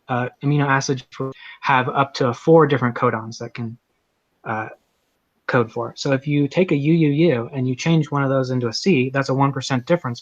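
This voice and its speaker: A man in a debate, explaining technical points in a steady, explanatory way. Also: medium pitch, no echo, muffled recording. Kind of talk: debate argument.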